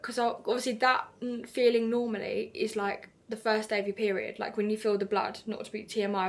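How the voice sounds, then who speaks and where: A woman's voice: mid-range voice, creaky. A young British woman telling a personal story to camera in a candid, chatty way, full of fillers and quoted reactions. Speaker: vlogger.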